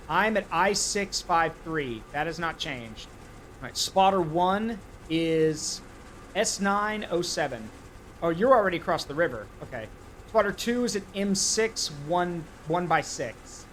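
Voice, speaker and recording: A man's voice: fairly high pitch, fairly bright tone, slight background noise, rough recording. A man streaming live gameplay, talking himself through each step and getting frantic and swearing under pressure.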